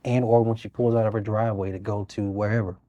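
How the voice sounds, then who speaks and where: A man, speaking in an earnest, reflective way as a guest in a studio interview. His voice sits low and mellow, and his pitch stays fairly flat and even as he talks. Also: fast, dry recording. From Birmingham, Alabama. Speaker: mayor. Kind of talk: interview conversation.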